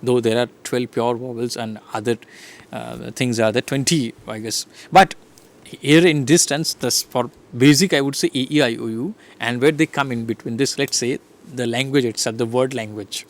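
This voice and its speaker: A man with an Indian English accent giving an online lecture to teachers, pausing often with fillers and restarting his sentences. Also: medium pitch, fairly even intonation. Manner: hesitant, many fillers and restarts. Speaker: teacher educator.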